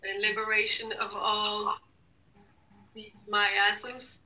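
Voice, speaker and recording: A woman leading a guided energy healing session, giving slow repeated commands to an unseen device with many hesitations. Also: on the high side, bright, forceful tone, rough recording.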